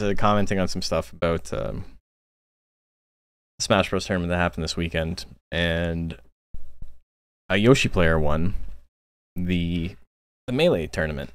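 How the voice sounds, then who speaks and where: A man's voice: low voice, no room sound, clean studio sound. A man casually commenting on a game tournament stream, rambling with frequent filler words.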